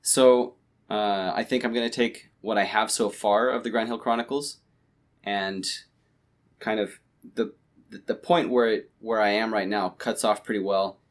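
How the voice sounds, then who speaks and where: Low-voiced man rambling casually. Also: steady tone, a little slow. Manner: rambling, many restarts and fillers. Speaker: podcast co-host. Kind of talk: casual chat. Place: home, late at night.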